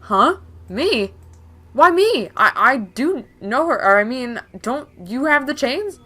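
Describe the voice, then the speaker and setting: A woman's voice: high voice, animated, slow pace, a bit bright, voice pushed up, heavily acted. A woman voicing a nervous young male henchman who stammers. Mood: flustered. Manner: flustered, stammering.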